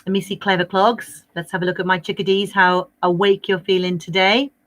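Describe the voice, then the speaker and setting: A woman's voice: mid-range voice, level tone, brisk, a bit bright. A woman teaching a livestreamed maths lesson to young children, cheery and coaxing in a sing-song teacher voice. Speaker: primary school maths teacher.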